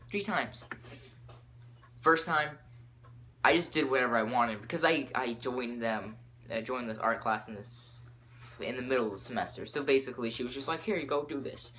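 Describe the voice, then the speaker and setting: Teen male podcaster, excitable rambler, mid pitch. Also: slight background noise. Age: teens. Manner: excitable, jumps topics, lots of fillers. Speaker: podcast host.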